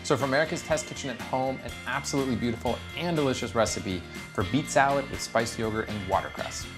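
A man's voice: medium pitch, fast talker, music in the background. A man, a test cook, giving an enthusiastic step-by-step cooking demonstration in a home kitchen. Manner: enthusiastic, upbeat, step-by-step explaining.

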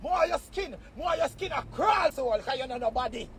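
A man with a Jamaican accent live-streaming a heated, taunting rant, loud and profane, often breaking into shouts. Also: very high voice, expressive, fast talker, very noisy.

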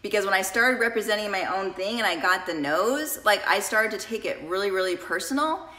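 A woman's voice: mid-range voice, a little fast, bright, forceful tone, echoey room. A woman coach talking casually and emotionally to her viewers in a confessional vlog, addressing them directly. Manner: chatty, emotional, addresses viewers as "you guys". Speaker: coach and vlogger.

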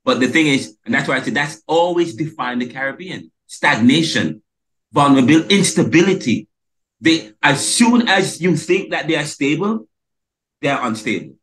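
A man's voice: a little high, expressive, normal speed, fairly bright tone. A man hosting a podcast interview, who talks emphatically and stumbles and restarts his words. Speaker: podcast host.

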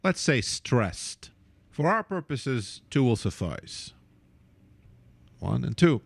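A man teaching how to write and say words in a relaxed, playful way, with joking asides about his own mistakes. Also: slow, gravelly, no room sound. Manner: playful, self-mocking, lively pitch. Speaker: Arabic calligraphy teacher.

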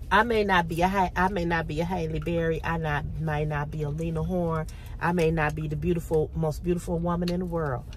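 A middle-aged woman vlogging to her phone camera, blunt and profane, with a throat tickle, going from low talk to impassioned near-shouting. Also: fairly even intonation, a little fast, a little hiss or hum. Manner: preachy, rising to impassioned shouting.

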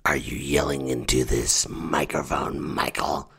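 A raspy whispering coronavirus villain. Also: male voice, a bass voice, sing-song, slow, pushed and bright, voice pushed down, exaggerated voice. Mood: menacing. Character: sinister whispering coronavirus, male, gloating.

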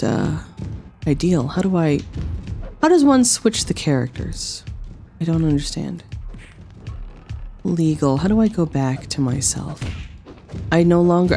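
A woman streaming a wrestling game, trash-talking with playful sarcasm, dropping low for tough lines and yelping high when surprised. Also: mellow. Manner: swings between low mock-tough lines and high yelps. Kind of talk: live gameplay commentary.

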